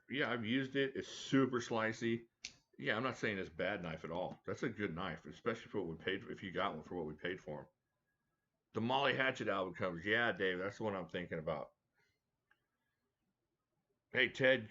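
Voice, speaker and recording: Chatty low-voiced man hosting a live stream. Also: fairly bright tone, lo-fi sound, slight background noise. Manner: chatty, joking, talks to viewers by name. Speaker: live stream host reviewing knives. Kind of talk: casual live chat reading viewer comments. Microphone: desk mic at a home setup.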